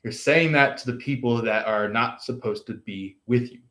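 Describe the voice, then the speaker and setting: A man giving a casual tarot reading, rambling and halting with many fillers. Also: mid-range voice, fairly bright tone. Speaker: tarot reader. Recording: roomy echo.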